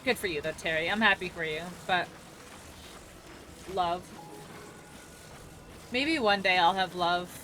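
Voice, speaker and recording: Her voice sits on the low side, a little slow and sharp, with long pauses and slight noise behind it. The young woman is gaming on a home live stream, chatting casually with viewers, reading chat aloud and rambling with easy laughter.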